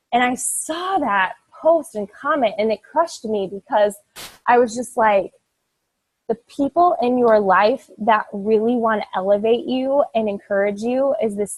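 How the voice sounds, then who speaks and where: Young woman coach, slightly high husky voice, dry close sound, earnest pep talk that rambles. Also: no room sound, low-quality recording. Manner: earnest, emphatic, rambling with many "like"s. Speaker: fitness team coach. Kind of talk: motivational talk to her team.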